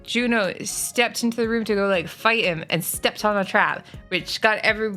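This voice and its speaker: Woman streamer, casual chatty ranter, bright tone, faint music behind. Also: mid-range voice, normal speed. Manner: chatty, swearing, animated rants. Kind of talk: casual stream chat, reading chat.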